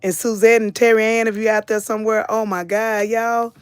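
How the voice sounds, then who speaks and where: A woman's voice: a little high, level tone, brisk, clear, resonant tone, dry recording, studio quality. Chatty woman hosting a live stream. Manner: chatty, reads viewer names aloud, drawls and repeats phrases. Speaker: host of a live commentary stream. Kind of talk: casual live-stream chat reading comments.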